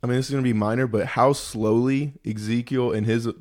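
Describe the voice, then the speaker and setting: A man who talks quickly on a casual podcast. He cuts in with blunt, short comments. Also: medium pitch, steady tone, a little mellow. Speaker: podcast co-host. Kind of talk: casual chat reviewing a TV episode.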